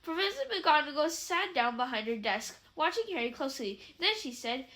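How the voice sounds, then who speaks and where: Woman reading a novel out loud, high bright voice, stops and fixes slips sometimes. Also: expressive. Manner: halting, with self-corrections. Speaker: reader.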